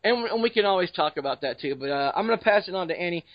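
A man's voice: high-pitched, lively intonation, very fast, no echo, dull audio. A man hosting a casual podcast. He jokes and talks informally as he leads the discussion. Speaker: podcast host.

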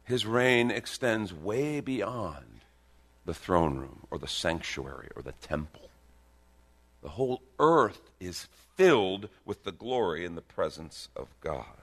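A man preaching a sermon, emphatic and lively, swinging from soft, hushed moments to loud declarations with joking asides. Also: low voice, slow pace. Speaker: pastor.

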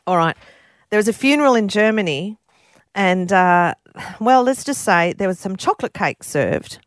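A woman's voice: mid-range voice, lively intonation, normal speed, no echo, clean studio sound. A woman co-hosting a jokey radio show, indignant and laughing easily. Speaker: radio co-host. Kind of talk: jokey breakfast radio banter.

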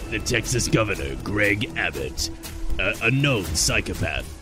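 Man doing a rumbling movie trailer announcer, deep, with thick music under it. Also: sing-song, a little slow. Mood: dramatic. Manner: booming dramatic trailer voice over music. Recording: studio with loud trailer music behind.

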